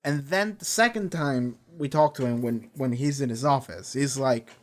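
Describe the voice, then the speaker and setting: A man hosting a reaction channel talks through a TV episode in a medium-pitched voice at a moderate pace. He rambles loosely, restarts often, swears casually and paraphrases the characters' lines.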